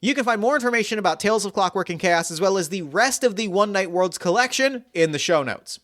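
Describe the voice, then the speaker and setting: A man's voice: sits high, lively intonation, fast, fairly bright tone. A man hosting a tabletop role-playing podcast, chatting enthusiastically with a guest before the game. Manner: upbeat, enthusiastic, many fillers. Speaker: podcast host and game master.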